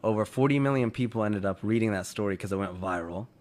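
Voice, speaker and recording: A man's voice: on the low side, quick pace, a little mellow. A man casually retelling a story to others in conversation, full of "you know" and "like".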